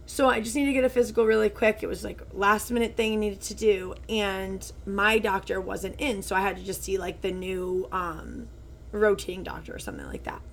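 A woman's voice: medium pitch, expressive, a little fast, creaky, slight background noise. A woman in her twenties chatting casually as a podcast co-host, telling stories with lots of "like" fillers. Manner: chatty storytelling, full of "like" fillers. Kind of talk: casual chat.

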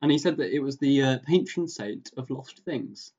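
A man's voice: medium pitch, animated, moderate pace, a little mellow. Man, mid-range voice, joking podcast host, muffled lo-fi audio. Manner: jokey, playful, self-mocking. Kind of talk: casual podcast interview.

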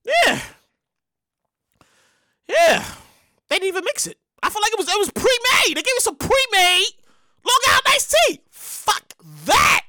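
A woman with a very high, sharp voice rants through a comic story as a show host. Her pitch leaps all over the place, and she swears freely, breaking into shouted outbursts. The sound is dry and close. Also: a little slow, long pauses, dry recording. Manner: profane, animated, bursts into shouting. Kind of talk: comedic storytelling rant.

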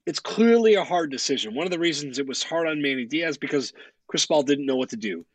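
A man's voice: a little high, animated, fast, slightly rough, no room sound. A man co-hosting a sports podcast in casual chat, blunt and opinionated, swearing freely. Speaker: podcast co-host.

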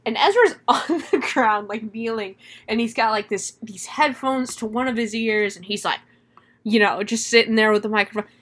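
Woman podcast host gabbing through a movie recap, kinda high voice, swears a lot. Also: moderate pace. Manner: animated plot retelling with swearing and laughs. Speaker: podcast host reviewing a horror film. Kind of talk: casual chat.

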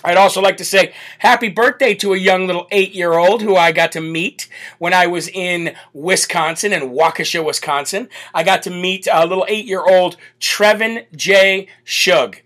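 An American man hosting a live show, reading out viewer comments and giving chatty shout-outs. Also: sits high, fairly even intonation, moderate pace. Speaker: host.

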